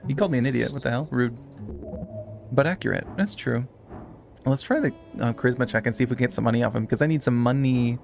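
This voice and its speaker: A man's voice: mid-range voice, fast, gravelly, over music. A man chatting casually with his viewers while playing a game, swearing freely and reading text aloud. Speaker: streamer. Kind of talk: casual live-stream chat while gaming.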